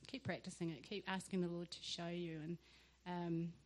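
A young woman, sharing a lively church testimony and acting out the conversations in it. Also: lowish voice, moderate pace. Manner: animated storyteller who acts out dialogue with laughter.

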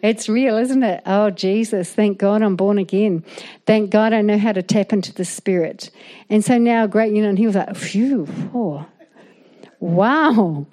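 A woman's voice: medium pitch, normal speed. A woman preaching a sermon, often calling out "amen?" to the congregation. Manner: animated, calls out "amen?" to the congregation. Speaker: guest preacher.

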